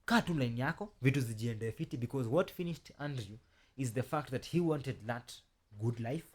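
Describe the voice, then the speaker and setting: A man with a Kenyan accent telling a story to his viewers in an animated, chatty way, speaking straight to his audience. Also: medium pitch, moderate pace, slightly rough. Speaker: storytelling channel host.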